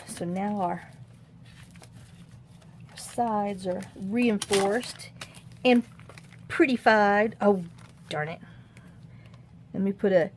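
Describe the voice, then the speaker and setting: A woman's voice: mid-range voice, gravelly, a little mellow, slight background noise. A middle-aged woman, chatting folksily with her viewers while she glues and trims a craft project at home, often talking to herself as she works. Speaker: craft vlogger. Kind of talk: casual chat while crafting.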